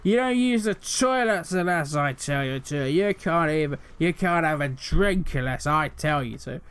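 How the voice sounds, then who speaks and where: A man voicing a belligerent drunk man who bullies a bar, slow and blustering. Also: on the high side, expressive, fairly bright tone, smooth.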